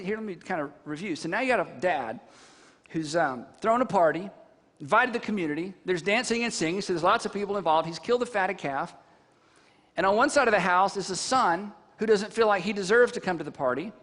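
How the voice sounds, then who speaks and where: Male pastor, high voice, lively storytelling sermon, quizzing the crowd; echo in a big hall. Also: fairly quick. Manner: animated storytelling with rhetorical questions to the congregation. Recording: long reverb from a large hall.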